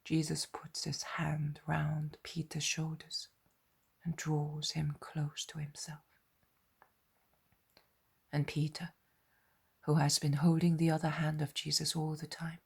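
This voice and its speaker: A woman's voice: low-pitched, completely flat delivery, gravelly, breathy edge. Woman whispering a devotional audiobook. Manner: soft unvoiced whisper, measured. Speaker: audiobook reader.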